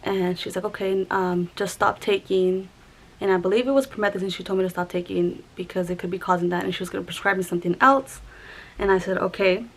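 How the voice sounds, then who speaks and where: A young woman vlogger telling a personal story to camera in a halting, conversational way, with many restarts and fillers. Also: mid-range voice, flat delivery, low-quality recording.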